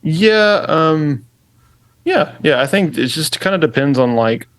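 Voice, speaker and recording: Rambling young dad co-hosting a podcast. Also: male voice, on the high side, unhurried, no room sound. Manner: relaxed, rambling with many fillers. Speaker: podcast co-host. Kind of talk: casual chat.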